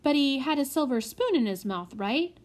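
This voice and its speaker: A woman's voice: sits high, expressive, moderate pace, darkish tone, voice pushed up. A woman voicing a flustered, impatient young boy in a storybook.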